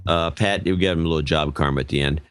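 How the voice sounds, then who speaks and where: A man's voice: rumbling low, fairly even intonation, fast talker, clear, resonant tone, no echo. A male podcast co-host in casual chat, reading out donor names in an offhand way and stumbling over some of them.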